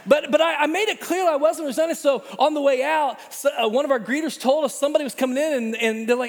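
Middle-aged man, pastor, earnest conversational sermon, fairly high voice, long church reverb. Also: steady tone, fast, hardly any pauses. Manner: earnest and conversational, self-deprecating humor. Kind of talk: sermon with opening prayer. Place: church sanctuary.

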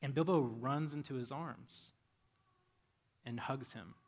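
A man preaching a sermon as pastor, conversational and storytelling, softening into prayer. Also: mid-range voice, slow. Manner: conversational, animated when storytelling, soft when praying. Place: church. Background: faint band music.

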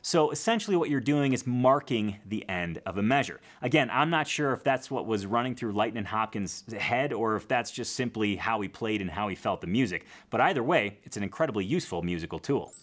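Man, guitar teacher, mid pitch, animated delivery, casual explanatory lesson with guitar playing behind. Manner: relaxed, explanatory, counts beats aloud.

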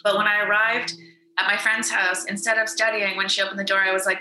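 Woman, late thirties, casual storytelling, acts out her own dialogue, sharp bright tone, roomy echo. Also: mid-range voice, little pitch movement, quick pace, slight background noise. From Winnipeg, Canada. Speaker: interview guest. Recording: echoey room.

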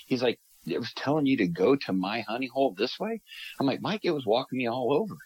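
A man from Minnesota telling a story on a podcast, talking in a lively way and acting out the voices of the people he quotes. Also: mid-range voice, quick pace, husky, dry recording, poor audio. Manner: animated, acts out quoted voices. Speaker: guest storyteller.

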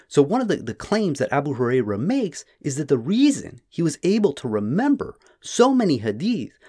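A man's voice: fairly high pitch, moderate pace, breathy edge. A man giving casual spoken commentary on old texts, retelling stories in his own words with many fillers. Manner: paraphrases texts with animated retellings and frequent fillers. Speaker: religious commentator.

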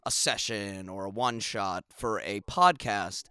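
A man's voice: on the low side, measured pace, bright, forceful tone, smooth, no echo, clean studio sound. A man co-hosting a tabletop gaming podcast, chatting casually and laughing often. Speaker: podcast co-host.

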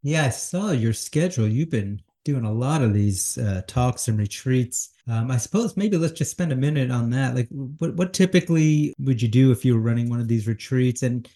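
Mellow-voiced male podcast host. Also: mid-range voice, moderate pace, few pauses. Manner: friendly, relaxed, with fillers. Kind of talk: conversational interview.

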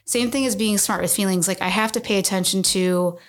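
A woman's voice: mid-range voice, brisk. A woman in her thirties, a podcast guest, explains things earnestly in a casual interview and often checks in with "right?".

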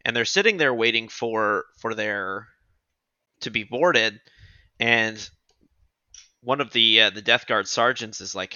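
Bright-voiced man retelling a story. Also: fairly low pitch, measured pace, clear, resonant tone, no room sound, highs cut off. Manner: animated retelling, acts out quotes, swears. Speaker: podcast co-host. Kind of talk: casual chat recapping a novel.

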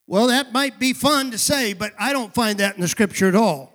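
A male pastor preaching a sermon, calling for responses from the congregation and rising to shouted emphasis. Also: very high voice, normal speed, few pauses. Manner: drops to a quiet aside voice for asides.

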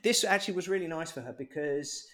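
A man's voice: on the high side, fast talker, a bit bright. A man talking casually as a podcast co-host. He tells stories in a chatty, joking way and pokes fun at himself. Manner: chatty storyteller, jokey and self-mocking. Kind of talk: casual chat.

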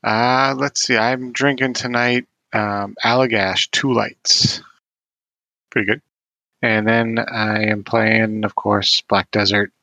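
A man's voice: fairly low pitch, flat delivery, slow, pushed and bright, dry recording, rough recording. A man appearing as a guest on a gaming podcast, chatting casually with dry jokes.

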